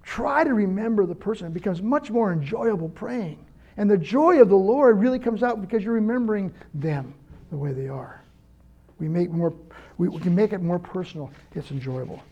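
Older guy pastor, highish voice, chatty earnest sermon, kinda muffled lo-fi sound. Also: moderate pace, mellow. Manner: earnest, personal, anecdotal. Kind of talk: conversational sermon.

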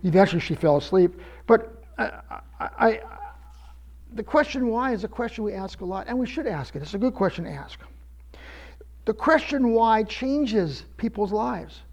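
High-voiced pastor preaching with stammers. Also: male voice, lively intonation, moderate pace, darkish tone, lo-fi sound. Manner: stammering restarts, preacherly emphasis. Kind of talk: sermon.

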